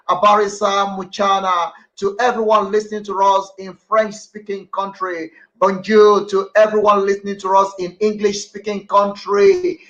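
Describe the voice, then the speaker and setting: Guy hosting live radio from the studio, bright high voice, kinda dull lo-fi sound, keeps giving shout-outs. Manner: upbeat, repetitive announcing with many audience shout-outs. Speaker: radio host.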